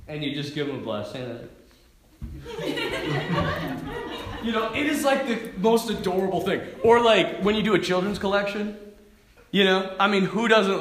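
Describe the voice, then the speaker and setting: A man who is a Catholic priest, giving a conversational homily full of stories, laughing often and swinging between loud and hushed. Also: high voice. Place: church. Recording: echoey church room.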